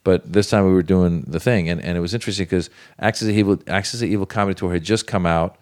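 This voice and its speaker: A comedian telling a lively story in casual talk, acting out other voices. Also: male voice, deep voice, fast talker. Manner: animated, acts out voices in anecdotes. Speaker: comedian guest.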